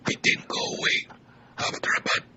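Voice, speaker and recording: An older man with an Israeli accent and a whispery, weak voice, speaking earnestly in short measured phrases in an interview. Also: noisy background. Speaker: physician interviewee.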